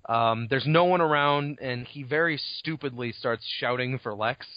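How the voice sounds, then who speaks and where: A man's voice: mid-range voice, moderate pace, dry recording. A man co-hosting a podcast, casually recapping a novel chapter with lots of swearing and acted-out lines. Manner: rambling recap, swearing, acts out characters' lines. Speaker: podcast co-host. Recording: dull lo-fi home recording.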